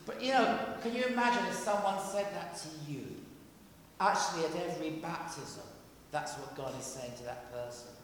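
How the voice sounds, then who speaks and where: High-voiced vicar preaching in an echoey church. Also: male voice, normal speed, slight background noise. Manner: conversational and animated, with jokey asides. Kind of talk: sermon. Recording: echoey church hall, faint ambience.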